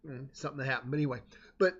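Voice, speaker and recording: A man telling a casual personal anecdote in a rambling, animated way, often cutting himself off mid-sentence. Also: mid-range voice, very fast. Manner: rambling, self-interrupting, animated. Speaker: storyteller. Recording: dull lo-fi recording.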